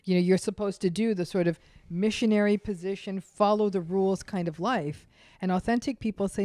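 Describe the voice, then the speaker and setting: Woman, psychologist guest, emphatic, mellow tone, dry close sound. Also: medium pitch, normal speed, dry recording. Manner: emphatic, acts out quoted speech. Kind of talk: podcast interview.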